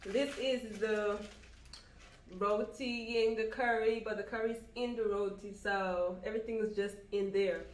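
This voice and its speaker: A young woman from Guyana co-hosting a casual eating vlog, chatty and quick to laugh. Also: mid-range voice, steady tone, a little hiss or hum. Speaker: vlog co-host. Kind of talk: casual mukbang chat. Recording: echoey room.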